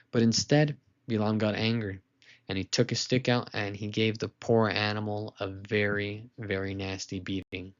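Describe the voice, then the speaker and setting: Lower-voiced man telling a story to kids. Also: dull audio. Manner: lively, casual storytelling with asides to listeners. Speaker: teacher of a weekly Torah lesson for kids. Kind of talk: storytelling lesson narration.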